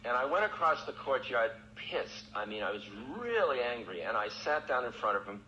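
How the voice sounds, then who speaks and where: A man's voice: mid-range voice, very animated, moderate pace, sharp tone. A male spiritual teacher telling a personal story in a candid, self-mocking way, often breaking into laughter. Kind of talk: storytelling talk. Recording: dull, lo-fi archival recording with faint hiss.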